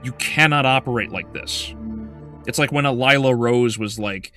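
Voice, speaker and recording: A man's voice: mid-range voice, a little slow, sharp tone, soft background music. A male game streamer in casual livestream chat, ranting heatedly with profanity and frequent stumbling restarts.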